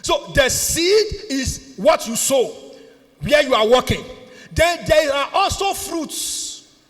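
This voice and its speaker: A Nigerian man preaching a sermon as pastor, exuberant, often laughing and shouting. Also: very high-pitched, lively intonation, slow pace, long reverb tail. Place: church.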